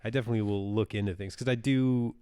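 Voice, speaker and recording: A man's voice: fairly low pitch, fairly even intonation, fast talker, mellow, clean tone, no room sound. A man co-hosting a podcast in casual chat, joking and laughing often. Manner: jokey, laughs often, talks in restarts. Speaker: podcast co-host.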